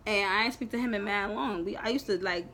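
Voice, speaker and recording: A young woman telling a storytime in a lively, profane, emphatic way. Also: mid-range voice, fast talker, a little hiss or hum. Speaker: vlogger. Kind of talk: storytime chat.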